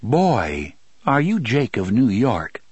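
A man doing a slow, drawling machine voice. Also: very animated, darkish tone, husky, no echo, full character voice. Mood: leisurely. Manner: slow leisurely drawl, booming. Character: playful, sinister talking monorail machine, male.

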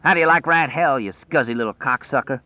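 A man voicing a desperate, foul-mouthed male prisoner who yells in a shrill, frantic way. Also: fast, no room sound, natural voice. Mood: jeering. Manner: shrill frantic yelling, profane. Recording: dry tinny phone-like sound.

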